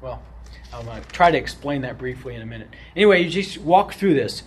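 A man teaching through a book of scripture, animated, often checking in with "right?" and moving between loud emphasis and quiet asides. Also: medium pitch, fast talker, slight background noise. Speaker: Bible teacher. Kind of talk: expository Bible teaching.

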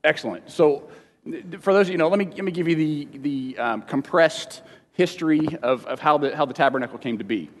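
A man teaching a Bible lesson to a congregation in a casual, halting way, often repeating words and slipping in jokes, at times emotional. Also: a little high. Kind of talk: informal teaching sermon with questions to the room. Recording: long reverb of a large hall.

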